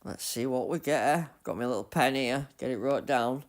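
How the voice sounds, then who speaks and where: A man streaming a racing game live, muttering commentary to himself and breaking into loud self-mocking outbursts. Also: mid-range voice, normal speed. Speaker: gaming streamer.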